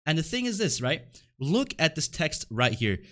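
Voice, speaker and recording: Young male commentator, slightly higher voice, animated delivery, profane and heated ranter. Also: normal speed. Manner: profane, heated, constant "like" and "right?" fillers. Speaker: wrestling commentary YouTuber. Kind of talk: ranting video commentary.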